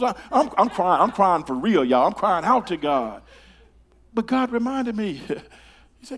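An older man preaching a sermon in a church, talking to the congregation in a conversational way, with stammered repeated starts that swing from hushed to loud. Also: fairly high pitch, very animated, moderate pace. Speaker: pastor. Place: church sanctuary.

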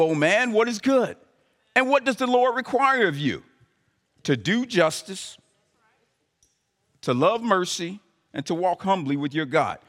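This is a man preaching live, his fairly bright voice sitting on the high side as it echoes through a reverberant hall. The pastor chats with the congregation conversationally, then lifts into emphatic rising calls.

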